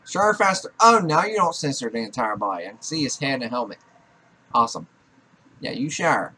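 Brisk and slightly rough, his pushed, bright mid-range voice swings widely in pitch. This young gaming YouTuber curses freely through his Let's Play, sounding exasperated as he scolds and orders his characters around.

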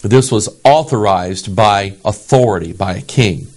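A man's voice: lowish voice, a little slow. A pastor from the United States preaching a sermon in an emphatic way, often checking in with his listeners. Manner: animated, emphatic, asks the audience "okay?".

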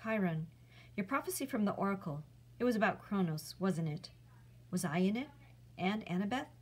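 A woman's voice: medium pitch, lively intonation, normal speed, slightly rough. A woman voicing a stubborn, sarcastic boy hero in a storybook read-aloud, speaking bluntly. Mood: defiant.

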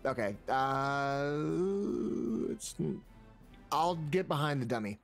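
A man's voice: on the high side, expressive, very slow, vocal fry, soft background music. A man playing a tabletop role-playing game, chatting casually and asking the dungeon master rules questions. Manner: casual, asks rules questions, uses fillers. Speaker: player.

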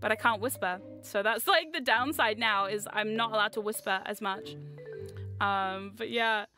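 Bright chaotic New Zealand woman streamer. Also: medium pitch, normal speed, faint music behind. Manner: chaotic, loud, laughs often, bursts into screams. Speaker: VTuber streamer. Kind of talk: casual livestream chat.

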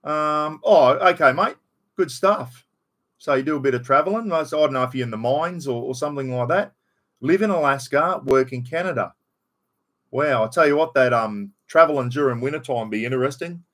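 A man's voice: mid-range voice, brisk, a bit bright. An Australian man hosting a casual live stream, rambling in a matey way, greeting viewers by name and swearing bluntly. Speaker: livestream host.

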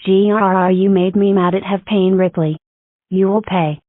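A woman's voice: medium pitch, steady tone, moderate pace, no echo, natural voice. A woman doing a vengeful girl villain, bossy and mocking. Her threats come through thin and tinny, like a phone line, with a dry sound. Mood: threatening.

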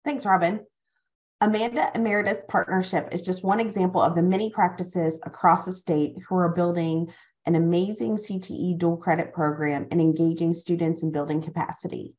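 A woman presenter reading a prepared webinar segment in a clear, scripted way. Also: fairly low pitch, fairly even intonation, brisk, a little mellow.

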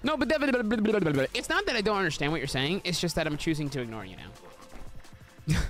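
A young man streaming a game from a small room at home, chatting casually, joking and swearing with sudden excited yelps. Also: faint music behind. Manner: animated and joking, swearing, quick pitch jumps into excited yelps. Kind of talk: casual livestream chatter while playing.

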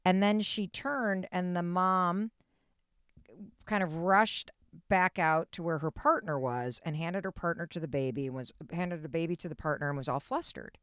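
A woman in her fifties hosting a podcast interview, telling a story in a lively way and asking pointed questions. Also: fairly low pitch, normal speed, smooth, dry recording, clean studio sound. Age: 50s. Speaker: podcast host. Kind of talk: conversational interview.

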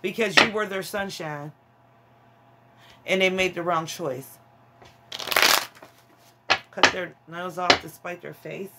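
A woman's voice: on the low side, steady tone, slow, pauses often, heavy background noise. A woman giving a casual tarot reading to her viewers, frank and emphatic, calling them honey and child. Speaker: tarot reader.

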